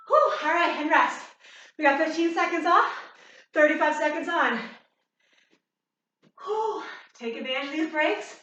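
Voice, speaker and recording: A woman's voice: high voice, lively intonation, measured pace, long pauses, sharp tone, heavy reverb, distant mic, highs cut off. A woman fitness instructor leading a workout, cueing moves while exercising and getting out of breath.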